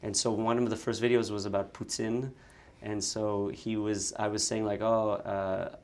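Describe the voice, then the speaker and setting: A man guest telling stories in a casual interview, lively, with quick bursts and frequent restarts. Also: lowish voice. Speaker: actor and content creator, guest.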